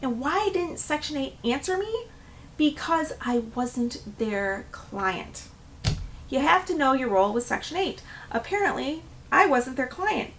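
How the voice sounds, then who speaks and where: A woman's voice: high voice, unhurried, recorded from a distance, a little hiss or hum. A middle-aged woman, a property manager, telling a story in a vlog and acting out the people she quotes. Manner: animated storytelling, acts out quoted voices.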